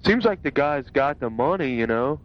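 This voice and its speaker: A man's voice: medium pitch, lively intonation, moderate pace. A man in casual chat, asking blunt questions and reacting to a friend's story. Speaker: listener in conversation. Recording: dull lo-fi radio sound.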